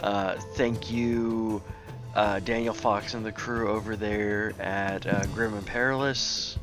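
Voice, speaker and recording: A man with a low voice chats as a player in a tabletop game and reads out thanks. He talks haltingly with fillers and laughs easily. Clear music plays under him. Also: fairly even intonation. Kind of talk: casual chat, reading thanks to sponsors.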